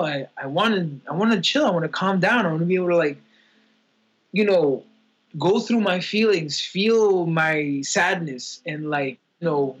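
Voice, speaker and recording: Husky young man in candid chat. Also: high-pitched, a bit bright, rough recording. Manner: rambling, filler-heavy, candid and emotional. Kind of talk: casual podcast chat.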